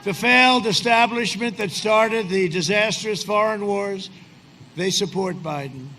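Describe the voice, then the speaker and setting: A man giving a rambling, boastful rally speech outdoors in cold wind, often shouting to a crowd. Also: high voice, measured pace. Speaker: politician speaking at a rally. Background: large cheering crowd and wind.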